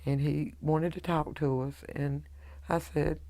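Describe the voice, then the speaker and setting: Middle-aged woman, gravelly voice, halting emotional testimony. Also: deep voice, little pitch movement, mellow. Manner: halting, emotional recounting with quoted dialogue. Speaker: widow telling her story.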